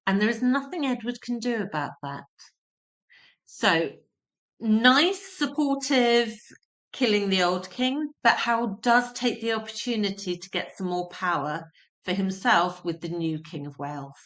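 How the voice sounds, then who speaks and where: A woman's voice: medium pitch, normal speed, a bit bright. A woman teaching a history lesson, explaining terms simply and repeating key points for emphasis.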